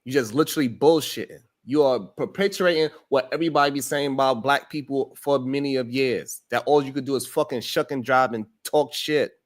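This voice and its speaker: A man's voice: medium pitch, fairly quick, hardly any pauses. A man hosting a live-stream panel, speaking bluntly and scolding a guest. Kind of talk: heated live-stream debate.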